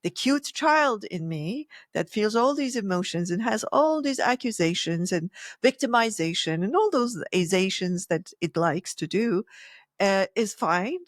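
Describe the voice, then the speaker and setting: A woman co-hosting a podcast, speaking in a reflective, animated conversational way and often acting out inner voices. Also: fairly low pitch, no room sound, clean studio sound. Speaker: podcast co-host.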